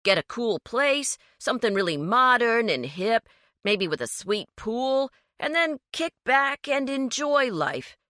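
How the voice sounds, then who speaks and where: A woman voicing a brash, greedy man who mocks and shouts when crossed. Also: fairly high pitch, big pitch swings, unhurried, no echo, studio quality, pitched above the performer's own voice. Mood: eager. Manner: loud, sneering outbursts. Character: brash, greedy man, mocking and quick to anger.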